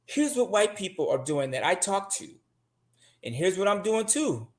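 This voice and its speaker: A man's voice: sits high, sing-song, normal speed, roomy sound. A man talking casually and bluntly as a show guest, swearing often and pressing his money advice with emphasis.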